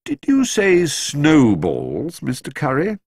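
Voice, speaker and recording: A man's voice: fairly high pitch, huge pitch swings, slow pace, darkish tone, husky, dry recording, studio quality, pitched above the performer's own voice, full character voice. A man voicing a polite, earnest young bear in a storybook reading, speaking in a raised, eager voice.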